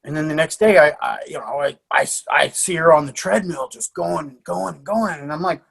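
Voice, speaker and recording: Male podcast guest, a fight coach, animated storyteller, slightly high voice. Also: a little fast, vocal fry, hardly any pauses, breathy edge. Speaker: guest, martial arts coach. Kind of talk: casual podcast conversation.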